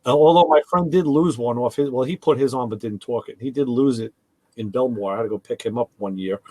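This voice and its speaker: A man hosting a casual talk show, telling animated stories and acting out conversations. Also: medium pitch, fast, no room sound. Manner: animated storyteller, acts out quoted exchanges. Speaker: host. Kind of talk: casual chat about cars.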